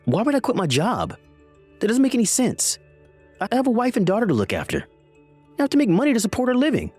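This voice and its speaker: A man reading the messages of a defensive, lying adult son in a text-message story, with soft music behind him. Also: sits high, huge pitch swings, quick pace, slightly rough, exaggerated voice. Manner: defensive, dismissive.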